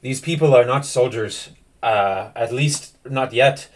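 A man plays a weary young nobleman in a tabletop game. He speaks in a grave, formal, measured way at a middle pitch. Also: lightly acted.

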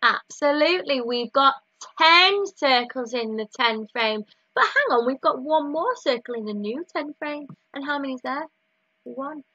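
A woman teaching a recorded maths lesson to young children in a slow, sing-song, encouraging way. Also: sits high, lively intonation, sharp tone, no room sound, muffled recording. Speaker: early years teacher.

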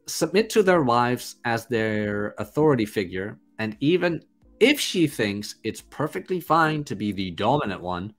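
A man who hosts a podcast, giving a blunt, crude, animated casual monologue. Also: medium pitch. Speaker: podcast host.

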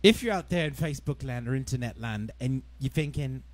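A man guesting on a casual livestream, chatting in a relaxed way. He keeps up steady, dry jokes. His pitch sits in the middle range. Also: a little fast. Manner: joking, dry, dad-joke humor. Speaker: guest musician.

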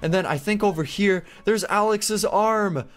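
A young man giving excitable, chatty Let's Play commentary with frequent gasps and mock-posh asides. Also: high-pitched, a little slow. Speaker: gaming YouTuber. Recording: faint background music.

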